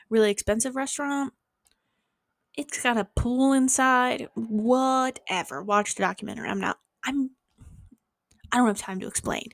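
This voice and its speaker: A woman's voice: dry recording, studio quality. A young woman in her bedroom telling a casual storytime vlog to camera, swearing freely and acting out what people said with sudden jumps in her voice. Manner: animated, swearing, acting out quotes with big pitch jumps. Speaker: vlogger.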